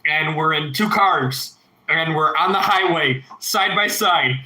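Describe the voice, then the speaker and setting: A man in his thirties chats loosely with his livestream audience, swearing freely and drifting between stories. His voice is sharp and sits a little high, and the room around him is echoey. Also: slow. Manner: rambling, heavy swearing, reads chat aloud. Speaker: livestream host. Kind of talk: casual livestream chat.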